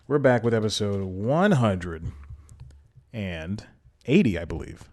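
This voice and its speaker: A man's voice: lowish voice, sing-song, slow, pauses often, darkish tone. A man hosting a solo podcast, rambling casually and laughing at himself as he goes. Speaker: podcast host.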